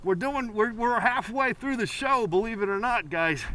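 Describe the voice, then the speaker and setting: Man, painting show host, high voice, rambling, playful, live call-in. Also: lively intonation, moderate pace, pushed and bright. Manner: rambling, playful, many fillers and restarts.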